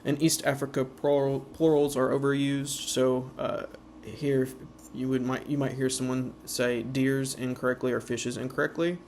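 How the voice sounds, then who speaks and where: Halting man presenting slides, flat voice. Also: medium pitch, a little hiss or hum. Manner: halting, many uh and um fillers; slows down to sound out example words.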